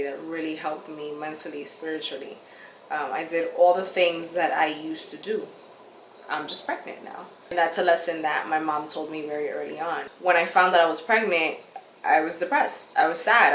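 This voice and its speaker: A woman's voice: sits low, a bit bright. A young woman vlogger chatting candidly and casually, with slangy, chatty talk. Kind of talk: casual chat. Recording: echoey room, faint background noise.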